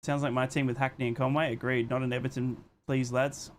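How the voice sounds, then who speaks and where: A young man streaming a live football watchalong, calling the match play by play and reading out chat messages, excitable and swearing freely. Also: mid-range voice, a little fast, slight background noise.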